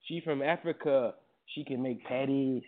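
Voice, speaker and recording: A man's voice: medium pitch, normal speed. A man hosting a radio morning show, joking loosely and singing along. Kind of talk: casual morning show banter. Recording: tinny lo-fi broadcast sound.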